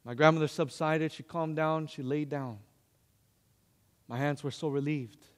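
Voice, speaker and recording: Male preacher, emotional storytelling sermon, talks to the congregation, fairly high voice, long reverb. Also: steady tone, a little slow.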